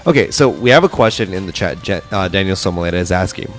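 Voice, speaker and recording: A man with a low-pitched voice hosts a live-streamed studio interview, talking quickly and with animation over faint background music. He's upbeat and chatty, reading viewer comments aloud.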